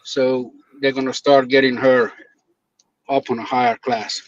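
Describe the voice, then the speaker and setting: A man's voice: mid-range voice, measured pace, no room sound. A man telling stories in casual chat, acting out the people he quotes and laughing often. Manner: animated storyteller, acts out quotes, laughs often. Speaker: guest videographer. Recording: dull lo-fi dry sound.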